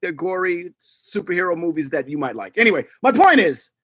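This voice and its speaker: A man's voice: sits high, big pitch swings, a little fast, a bit bright, breathy edge, no room sound. A man co-hosting a podcast, animatedly telling stories and acting out quotes in casual chat. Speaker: podcast co-host.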